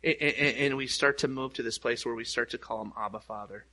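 A man's voice: mid-range voice, brisk, sharp tone. A man preaching a sermon as pastor, casual and conversational, telling stories with many restarts and fillers.

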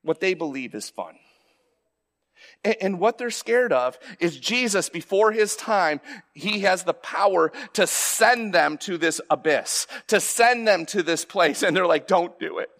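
A pastor preaches in a loose, unscripted, conversational style, his voice pitched high for a man. He unhurriedly repeats and restarts words, his intonation lively, then builds into louder, more forceful passages.

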